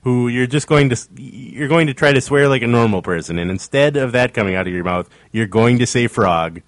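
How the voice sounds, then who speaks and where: A man's voice: medium pitch, lively intonation, fairly quick, dry recording. A man hosting a podcast, teasing his co-hosts in casual chat. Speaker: podcast host.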